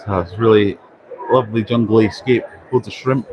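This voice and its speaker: A man's voice: lowish voice, steady tone, moderate pace, muffled recording. A man hosting a casual live walkaround at a busy indoor trade show, chatty and self-deprecating, thinking aloud as he goes. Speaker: livestream host. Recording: noisy exhibition hall ambience. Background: crowd chatter and hall noise.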